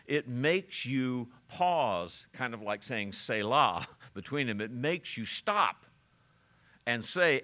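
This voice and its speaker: Bright-voiced man preaching a sermon. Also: mid-range voice. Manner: earnest, halting, with frequent uh fillers and repeated words. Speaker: pastor. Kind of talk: expository sermon.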